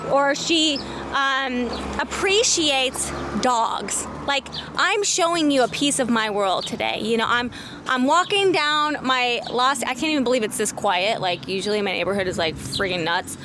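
A woman coaching her viewers in a motivational vlog, talking casually and emphatically and cursing freely when excited, while walking outdoors through her neighborhood. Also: high-pitched, a little slow, a little hiss or hum. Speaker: business coach.

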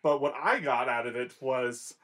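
A man's voice: mid-range voice, moderate pace, a bit bright. A man co-hosting a podcast, casually explaining anime scenes in an eager way with frequent restarts. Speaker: podcast co-host. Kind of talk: casual chat recapping an anime.

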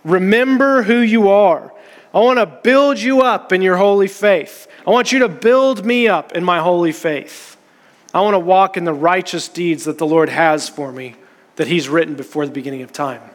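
High-voiced man preaching in an echoing hall. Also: normal speed. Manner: earnest, conversational preaching. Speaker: pastor. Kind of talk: sermon.

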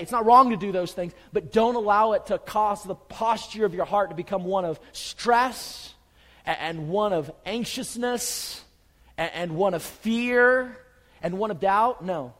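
A man preaching a sermon as pastor, swinging from urgent, raised emphasis to quiet, soft reassurance. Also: high-pitched, unhurried, in a large hall, low-quality recording.

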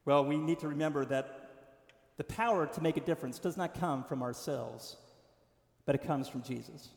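A man with a high voice preaches from the pulpit, pressing hard on key words and then easing down to a softer tone. His sermon rings through a church sanctuary with a long, echoing reverb. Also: moderate pace, creaky. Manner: emphatic preaching, rising to stressed lines then dropping soft. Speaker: pastor.

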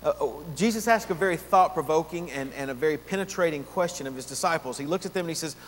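A man with a high voice preaches an earnest expository sermon and slows down to lean on the words that matter. His voice rings with a long reverb, as in a church sanctuary. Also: slight background noise. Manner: earnest preaching, slowing down to stress key words. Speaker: pastor.

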